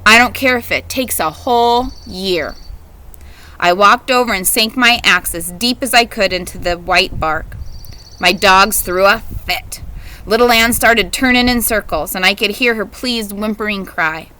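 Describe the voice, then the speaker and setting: Woman, audiobook reader, bright voice, expressive storytelling, reading a novel aloud. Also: mid-range voice, moderate pace, poor audio.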